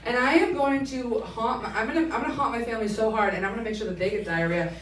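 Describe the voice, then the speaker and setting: A woman in her twenties performing a stand-up comedy set, telling stories in an animated way and acting out the voices of the people in them. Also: fairly high pitch, fast, very noisy. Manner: animated storytelling that acts out quoted voices, laughing between lines. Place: comedy club stage. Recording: roomy live club sound, mic at a distance, loud audience.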